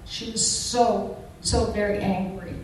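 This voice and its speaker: A woman's voice: mid-range voice, steady tone, slow pace, a little mellow. An older woman giving an earnest, chatty personal faith testimony with fervent emphasis. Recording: echoey room from a distance, faint noise.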